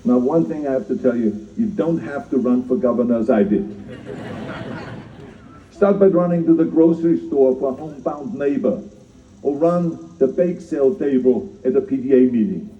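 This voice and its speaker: A man's voice: medium pitch, animated, normal speed. An older man with a German accent gives an emphatic public speech, repeating his key phrases and joking at his own expense. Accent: German-speaking. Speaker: keynote speaker at a citizenship ceremony. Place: outdoor ceremony. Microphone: speaker's mic filmed from the audience. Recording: distant, echoey, dull audience phone recording.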